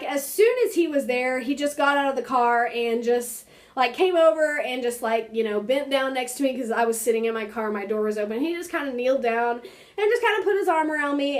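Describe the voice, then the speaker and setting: A young woman telling a personal story to her camera in casual vlog style, animated, laughing often and filling her speech with "like" and "you know.". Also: high-pitched, a little fast. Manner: many fillers like "like" and "you know". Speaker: vlogger.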